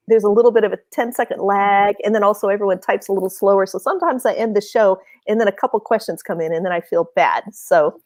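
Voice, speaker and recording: A woman hosting a casual livestream chat, chatty and quick to laugh as she tells stories. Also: medium pitch, dry recording. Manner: chatty, laughs often, lively storytelling. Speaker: host.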